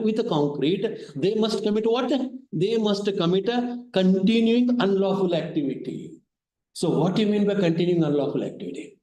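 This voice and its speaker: A man's voice: high voice, dark tone. A man, a law professor giving a classroom lecture, repeating key terms and asking rhetorical questions. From India. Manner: repetitive, asks rhetorical questions. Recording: echoey lecture hall.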